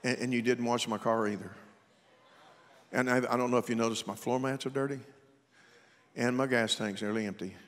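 A man voicing a meek adult woman who complains about being mad in a quiet, mild, flat way. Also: medium pitch, a little fast, pauses often, voice pushed down, natural voice. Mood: mildly peeved. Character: meek soft-spoken angry wife, adult woman. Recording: long church reverb.

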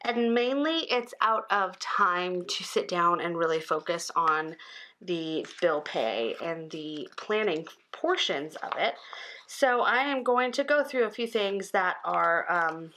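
A woman's voice: lowish voice, expressive, slow pace, a little hiss or hum. Sleepy woman in her 30s rambling thru her planner, mumbles little asides, yawny. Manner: chatty, rambling, soft asides under her breath. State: tired, yawning. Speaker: planner vlogger. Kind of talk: casual chat while planning.

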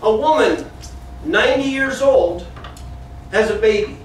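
A man teaching a Bible lesson to children in a church classroom, telling the story with animation and pausing to correct the kids. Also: high-pitched, expressive, a little hiss or hum. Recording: very echoey room from far off.

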